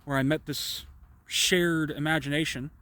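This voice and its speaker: Guy vlogging an improvised story, rambling and swearing, kinda higher voice, stumbles over words. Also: fairly even intonation, measured pace, sharp tone, smooth. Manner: rambling, profane, with stammered restarts. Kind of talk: improvised personal storytelling monologue.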